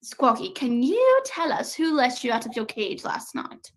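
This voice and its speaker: A woman's voice: high voice, big pitch swings, unhurried, rough recording. A woman playing a fussy, pompous male detective in a student stage play, speaking in prim, proper phrases. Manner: prim, posh-sounding phrasing.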